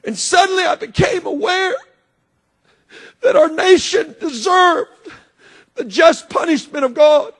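A middle-aged man preaching a sermon with impassioned delivery, often shouting and swinging sharply between loud and quiet. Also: extremely high pitch, a little slow, pauses often.

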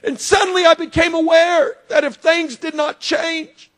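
A middle-aged male preacher whose voice sits very high for a man. He preaches with fervor, breaking into shouts and then dropping low and quiet. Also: fairly even intonation, moderate pace. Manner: impassioned, often shouting, dramatic swings in volume. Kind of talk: sermon.

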